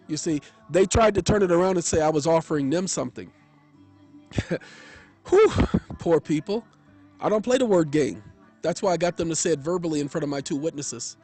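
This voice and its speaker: Chatty high-voiced man talking from his car. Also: fairly quick, darkish tone, soft background music. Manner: indignant, boastful, chatty. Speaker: vlogger. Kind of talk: rambling storytelling monologue. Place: in his car, parked in a driveway. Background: car radio song playing.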